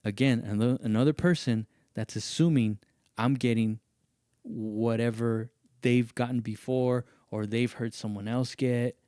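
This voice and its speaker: A man in casual podcast chat with a mellow, warm tone, recorded close and dry. He tells his story animatedly, jumping up high whenever he mimics other people's lines. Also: unhurried, clear, resonant tone, no room sound. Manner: animated, acts out others' lines in raised voices. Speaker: podcast host.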